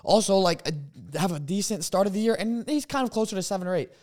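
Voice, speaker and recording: Quick, higher-voiced young man. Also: animated, darkish tone. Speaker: podcast co-host. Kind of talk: casual sports chat.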